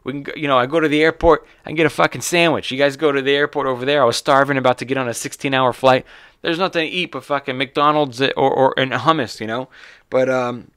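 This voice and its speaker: A man's voice: medium pitch, fast talker, clean tone, dry recording. Stand-up comic hosting his own podcast, American, mid-range voice, rambles and curses freely, dry close recording. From United States. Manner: profane, rambling and animated, with many restarts. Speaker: podcast host and stand-up comedian. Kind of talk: casual solo podcast monologue.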